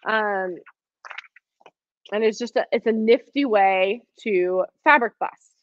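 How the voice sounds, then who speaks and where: A woman's voice: mid-range voice, slow pace, dry recording. Chatty woman teaching quilting. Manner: chatty, encouraging, answers viewer questions, many ums. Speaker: quilting instructor. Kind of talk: live online craft class. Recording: dry, slightly dull stream audio.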